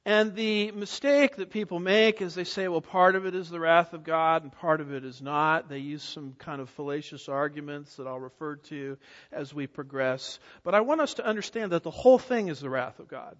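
High-pitched guy preaching a sermon, muffled sound, long echo like a big church. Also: moderate pace, a bit bright. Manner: emphatic, repeats key words, rhetorical questions. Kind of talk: expository sermon. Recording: dull audio with long hall reverb.

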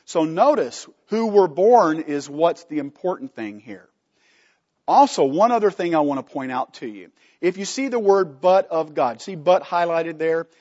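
A man's voice: a little high, expressive, normal speed, warm tone, long reverb tail, dull audio. A man teaching a Bible study from slides, emphatic, putting questions to the class and answering them himself.

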